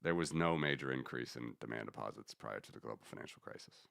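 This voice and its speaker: A man's voice: rumbling low, expressive, quick pace, vocal fry, a bit bright, no room sound, studio quality. A man hosting a casual commentary stream, rambling and correcting himself as he talks through charts. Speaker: host.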